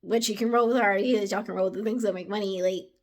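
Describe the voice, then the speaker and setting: Speaking quickly, with a mid-range voice and fairly even intonation, a woman chats to camera in her casual vlog. She rambles amiably and keeps calling viewers "guys" and "y'all."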